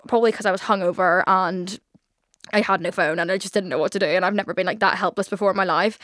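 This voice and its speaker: A woman's voice: medium pitch, dry recording. Young woman rattling off a story at speed, swears a lot, dry close sound. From Northern Ireland. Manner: rapid, sweary, filler-heavy, excitable. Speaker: podcast host. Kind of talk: casual storytelling monologue.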